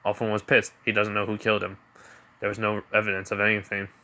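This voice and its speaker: A man's voice: lowish voice, monotone, quick pace, pushed and bright. A man improvising fan-fiction narration, rambling with frequent restarts and fillers. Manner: rambling, full of "you know" and restarts. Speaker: storyteller.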